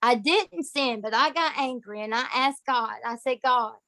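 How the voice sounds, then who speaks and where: Woman, storyteller, emphatic and folksy, higher voice, dry close sound. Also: moderate pace, pushed and bright, no room sound. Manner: folksy, emphatic, addresses listeners as y'all. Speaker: guest sharing testimony. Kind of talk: personal storytelling.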